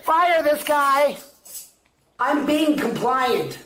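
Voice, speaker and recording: Woman in cuffs, combative and profane, caught on bodycam far from the mic in a boomy space. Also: animated, drawn-out words, fairly bright tone. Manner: belligerent, swearing, rambling. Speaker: woman being arrested. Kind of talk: shouting at police on bodycam. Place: police arrest scene. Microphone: police body camera. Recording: echoey far-off bodycam audio with faint noise.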